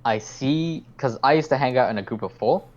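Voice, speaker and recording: A young man with a mid-range voice talks briskly as a podcast host, telling a story in casual chat. He rambles, swears a lot, and acts out his own lines, all on a muffled recording.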